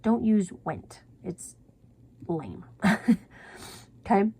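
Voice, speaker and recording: A woman's voice: medium pitch, very animated, very slow, creaky, mellow, husky. A woman teaching a writing class, chatty and self-correcting, sometimes dropping to a whisper for her examples.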